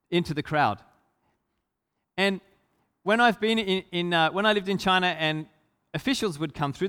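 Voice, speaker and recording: A man preaches a sermon, telling a story with emphasis and putting rhetorical questions to the congregation. His voice is a little high, pushed and bright, with long hall reverb around it.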